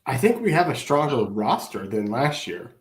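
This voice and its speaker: A man co-hosts a casual sports show in a middle-pitched voice. He weighs his thoughts as he talks, measured and steady. His voice carries a noticeable room echo. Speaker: podcast co-host.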